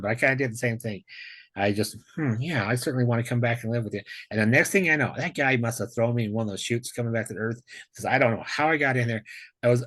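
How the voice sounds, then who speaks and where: A man casually telling a long personal story on a video call, rambling with many restarts and getting animated when he quotes himself. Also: mid-range voice. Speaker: guest sharing a near-death experience.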